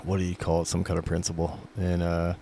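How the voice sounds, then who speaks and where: A deep-voiced male podcast host speaks in a flat, gravelly tone. He muses in a rambling way and keeps tossing in "man". Faint noise sits under the recording. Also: fast. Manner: reflective, rambling, says "man" often. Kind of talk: casual podcast conversation.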